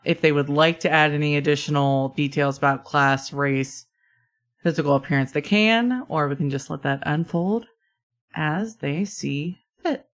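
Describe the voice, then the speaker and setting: A woman leads a tabletop game as dungeon master in a low voice. She chats casually with fillers, then moves into steady scripted narration. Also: normal speed. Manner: upbeat and chatty, with fillers.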